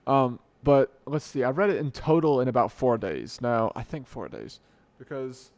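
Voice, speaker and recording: A man's voice: mid-range voice, expressive, moderate pace, darkish tone, no room sound. A young man hosting an unscripted solo podcast late at night, rambling and correcting himself as he jokes at his own expense, into a desk mic at home. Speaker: podcast host. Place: home room at night, dim light.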